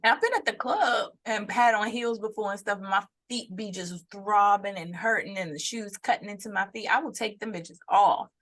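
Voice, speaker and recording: A woman's voice: mid-range voice, moderate pace, hardly any pauses. Young woman podcast co-host, chatty storyteller, mid-range voice. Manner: animated storytelling, acts out quotes. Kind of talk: casual chat.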